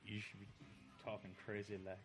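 A man's voice: on the low side, completely flat delivery, fairly quick. A man co-hosting a casual podcast from home, joking around, swearing freely and laughing often. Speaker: podcast co-host. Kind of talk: casual chat. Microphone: table microphone.

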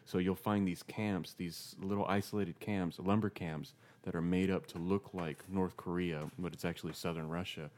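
A man's voice: sits low, fairly even intonation, moderate pace, hardly any pauses, a little mellow. A man co-hosting a podcast in casual chat, rambling and wry, often restarting his sentences. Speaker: podcast co-host.

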